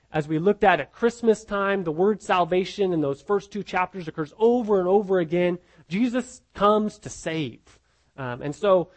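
A man with a high voice leads a Bible lesson in a relaxed sermon style. He talks conversationally, stumbles over repeated words, and checks in with his listeners. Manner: conversational, repeats words, asks the group questions. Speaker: pastor teaching a Bible class. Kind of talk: informal sermon teaching.

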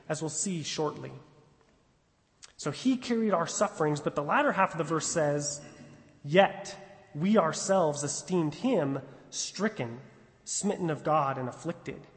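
A man preaching an expository sermon, emphatic, slowing down to stress repeated phrases. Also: high-pitched, long reverb tail.

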